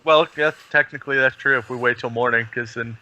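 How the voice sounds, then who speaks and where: A man playing a tabletop game, laying out plans in a deliberate, halting way. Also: medium pitch, steady tone, sharp tone, low-quality recording. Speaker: player.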